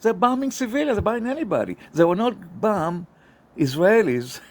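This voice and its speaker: A man's voice: sits high, big pitch swings, normal speed. A man arguing emphatically as a guest on a live online panel. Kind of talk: casual live-stream debate.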